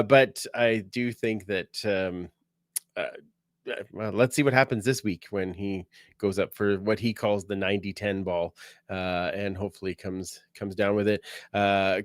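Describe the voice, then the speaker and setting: A man's voice: lowish voice, dry recording, clean studio sound. A man hosting a casual sports podcast, rambling through news with many fillers and restarts. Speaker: podcast host.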